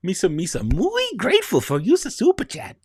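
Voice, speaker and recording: A man on a livestream voicing a goofy, clumsy, cheerful alien with a squeaky, drawled way of talking. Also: wildly swooping pitch, moderate pace, husky, no echo, clean studio sound, full character voice. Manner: squeaky, drawled broken talk.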